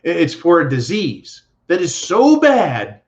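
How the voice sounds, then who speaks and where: A man's voice: on the high side, wildly swooping pitch, unhurried, a little mellow. A man hosting a live stream, ranting bluntly and profanely while reading viewer messages. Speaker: livestream host. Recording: dull lo-fi stream audio.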